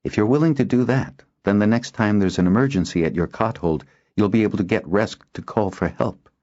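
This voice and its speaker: A man's voice: on the low side, a little fast, warm tone, pitched above the performer's own voice, lightly acted. A man voicing a stubborn, determined young woman who speaks firmly and earnestly, in an audiobook. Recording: dull lo-fi audio.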